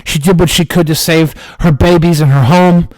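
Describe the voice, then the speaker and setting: Man, comic host telling a fake scary story slowly and deadpan; fairly high pitch, very dry audio. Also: dry recording. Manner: mock-dramatic, slow deadpan delivery. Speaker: streamer.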